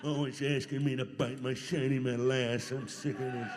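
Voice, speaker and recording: A man's voice: medium pitch, level tone, normal speed, background noise, close to an everyday voice. Bender, a man growling as a grouchy old robot. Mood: grumbling. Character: grumpy aging male robot, gruff and sour. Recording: reverberant convention hall.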